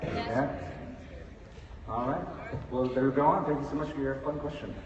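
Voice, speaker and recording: A man moderating a panel in a brisk, upbeat way. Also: medium pitch, highs cut off, a little hiss or hum. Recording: echoey hall mic from far off, loud crowd.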